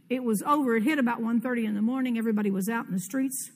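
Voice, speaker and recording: An older woman delivers a conference sermon in a fervent, commanding way, pushing her voice up for bold declarations. Her voice sits fairly high. It carries a long reverb from a large hall. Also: fast, few pauses. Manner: fervent, commanding declarations with sudden loud rises. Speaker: preacher.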